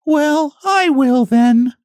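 A man voicing a busy, hopeful little red hen who calls out in a high, eager voice. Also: extremely slow, a little mellow, no room sound, studio quality, full character voice. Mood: calling out.

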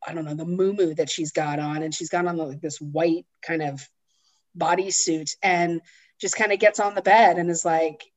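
A woman's voice: low voice, steady tone, normal speed, rough recording. A woman co-hosting a podcast, chatting casually and rambling a little while recapping a film. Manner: chatty, rambling, uses many fillers. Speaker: podcast co-host.

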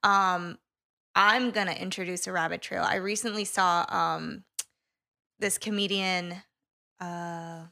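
A woman co-hosts a podcast in an easy, chatty way. Her voice is very bright and sharp, and she often adds "you know?". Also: fairly low pitch, steady tone, slow pace, gravelly. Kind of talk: casual podcast chat.

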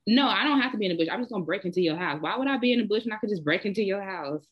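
A woman's voice: medium pitch, animated, racing, slightly rough, highs cut off. A woman with a Southern US accent, co-hosting a casual chat and telling bold, blunt stories. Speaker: podcast co-host.

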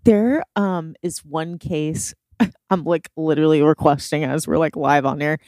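A woman's voice: low-pitched, fairly even intonation, measured pace, a little mellow, dry recording, clean studio sound. A woman co-hosting a podcast, talking reflectively and laughing along. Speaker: podcast co-host. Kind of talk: casual chat.

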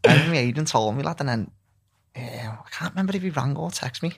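Man, young, gravelly voice, quick relaxed chat, footballer guest. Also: medium pitch. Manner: relaxed, often trails off quietly, says "lad" a lot. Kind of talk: casual chat.

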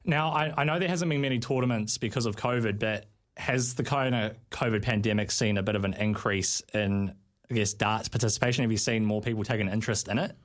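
A man's voice: on the low side, fairly quick. A man hosting a sports radio show, upbeat and chatty with callers in the studio. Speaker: radio host.

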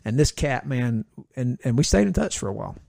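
A middle-aged pastor tells a story in a relaxed chat, slipping into the voices of the people he quotes. His voice has a gravelly rasp, and it is recorded dry and close to the mic. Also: medium pitch, a little fast, no room sound.

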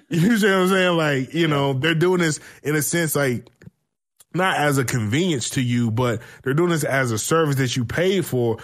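A man chatting casually about football, animated and profane, telling stories and laughing often. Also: a little high, normal speed. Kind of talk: casual sports chat.

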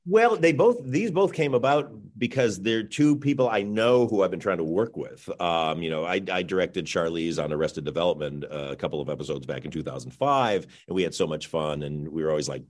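A middle-aged man with a fairly low voice talks through an interview as the director guest. He is chatty and loose, restarts his sentences, and laughs often. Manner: chatty, self-interrupting with frequent laughs and "you know". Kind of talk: casual interview answers.

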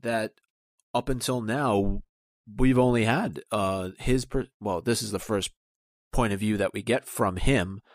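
A man with a fairly low voice co-hosts a casual podcast. He drops wry, teasing asides in an easygoing way. The sound is close and dry, with no room around it. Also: unhurried, dry recording. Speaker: podcast co-host.

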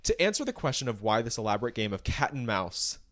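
A man's voice: mid-range voice, big pitch swings, quick pace. A man co-hosting a casual celebrity news podcast, asking incredulous, sarcastic questions and reading news excerpts aloud with asides. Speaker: podcast co-host.

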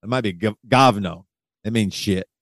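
A male podcast host talks in loose, jokey banter and keeps breaking into laughter. His voice sits fairly low. He is recorded close and dry, with no room sound. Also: normal speed, a bit bright, no echo. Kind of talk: casual podcast chat.

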